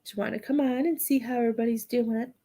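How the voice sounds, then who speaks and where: A woman's voice: on the high side, steady tone, fast talker, warm tone. Chatty woman livestreaming as a medium. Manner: chatty, rambling, frequent laughs and yawns. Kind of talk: casual livestream chat with viewers.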